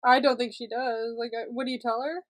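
A woman with a high voice co-hosts a casual podcast over a remote call. She jumps in with quick, playful reactions and laughs often as her co-host talks. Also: steady tone. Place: remote call from separate homes.

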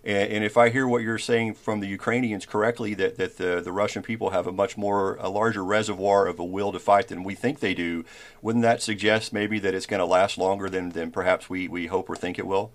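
A man hosting an interview podcast, asking measured follow-up questions. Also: on the low side, level tone. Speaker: podcast host.

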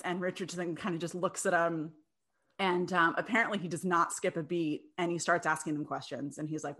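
A woman's voice: fairly low pitch, brisk, fairly bright tone. A young adult woman casually telling a history story to a co-host, chatty, often laughing, with many fillers and restarts.

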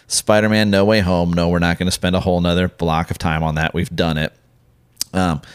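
A man's voice: low-pitched, smooth. A man co-hosting a podcast in casual chat, rambling with many fillers and restarts. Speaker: podcast co-host.

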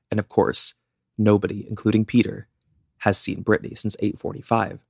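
A man's voice: lowish voice, flat delivery, normal speed, vocal fry, a little mellow, breathy edge, no room sound, studio quality. A young man co-hosting a podcast, casually telling a true-crime story with lots of "like" fillers. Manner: chatty, many "like" fillers. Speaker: podcast co-host.

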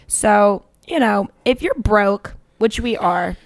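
A woman's voice: mid-range voice, animated, takes it slowly, dry recording. Slangy young woman co-host, dry close sound. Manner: slangy storyteller who laughs often. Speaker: podcast co-host. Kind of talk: casual chat.

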